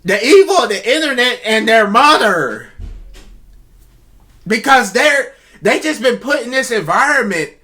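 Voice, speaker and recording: High, bright-voiced man ranting on a reaction video. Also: a little slow, pauses often. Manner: animated, laughing, mocking. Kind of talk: casual reaction commentary.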